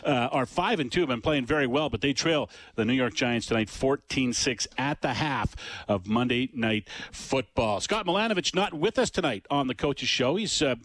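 A man's voice: medium pitch, animated, normal speed, a bit bright. A man hosting a sports talk radio show, talking casually and stumbling through fillers and restarts.

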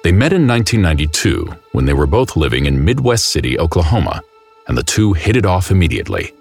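A man narrates a true-crime documentary with grave, measured delivery. His voice sits very low and gravelly, and it rises and falls expressively. Music plays under him throughout. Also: big pitch swings. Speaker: host and narrator.

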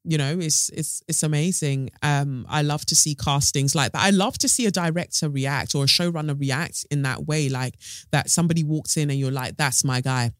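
Male podcast host, slightly higher voice, dry close sound, chatty and rambling with playful asides. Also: steady tone, normal speed, a bit bright, no room sound. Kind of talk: casual podcast chat, reading news aloud.

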